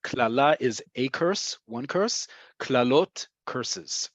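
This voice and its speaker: A man's voice: medium pitch, expressive, slow, dry recording. A man teaching a webinar lesson on Hebrew words, explaining patiently and repeating key points for learners. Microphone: video call. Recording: dry, dull video-call audio.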